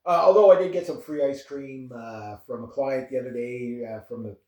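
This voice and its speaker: This Canadian man in his fifties vlogs in an easygoing, wandering way, chuckling a lot as he talks to camera. His mid-range voice is dark in tone and moderately paced, and he's recorded far from the mic in an echoey space.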